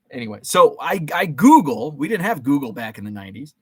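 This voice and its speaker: A man's voice: a little high, very animated, fast talker, hardly any pauses, husky, no echo. A man in his forties hosting a casual live-stream chat, rambling and joking with many fillers and restarts.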